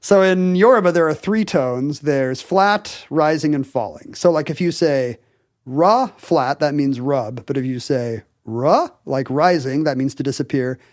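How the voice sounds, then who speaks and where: Guy cohosting a podcast, kinda high voice, rambles thru explanations w lots of "you know", dry close mic. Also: normal speed, few pauses, darkish tone, dry recording. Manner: enthusiastic explainer, hedges with fillers. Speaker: podcast co-host. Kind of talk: casual explanatory chat.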